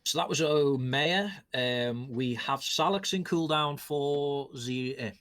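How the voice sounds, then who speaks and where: A man's voice: on the high side, slow pace, a bit bright, a little hiss or hum. A man hosting post-match interviews, asking rambling questions full of ums and restarts.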